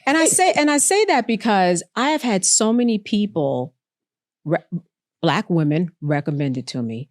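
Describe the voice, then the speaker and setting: A woman's voice: medium pitch, lively intonation, moderate pace, a little mellow, no echo, studio quality. A woman co-hosting a podcast, speaking in a reflective, affirming way to her guest. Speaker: podcast co-host. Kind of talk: casual chat.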